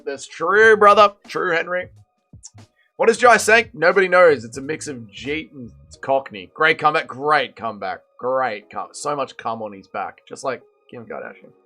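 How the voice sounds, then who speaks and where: A man's voice: fairly high pitch, sharp tone. A man hosting a casual livestream watch party, tired and hungover, rambling and swearing in slangy banter with his chat. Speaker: livestream host.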